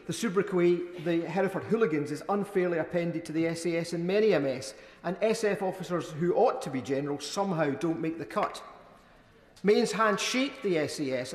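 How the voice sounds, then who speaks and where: A man giving a measured, wry speech in a parliamentary debate. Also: high voice. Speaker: member of parliament. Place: debating chamber. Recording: echoey chamber, long reverb.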